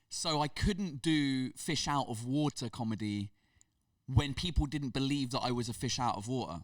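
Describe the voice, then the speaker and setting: An English man, a stand-up comedian guest, tells his stories in an animated way and restarts his sentences. He is recorded in a dry room, a little back from the mic. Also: medium pitch, normal speed, no echo, far from the mic. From England. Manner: animated storytelling with many restarts. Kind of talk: casual podcast conversation.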